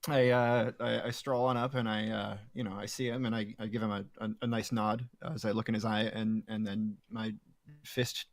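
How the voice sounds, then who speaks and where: A man playing a tabletop game, talking in a halting way with many fillers. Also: fairly low pitch, flat delivery, no room sound. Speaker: player. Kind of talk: casual tabletop play.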